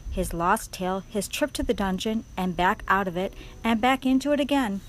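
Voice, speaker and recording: A woman's voice: mid-range voice, normal speed, slight background noise, poor audio. A woman reading a children's storybook aloud expressively, speaking straight to the reader. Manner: expressive, addresses the reader directly.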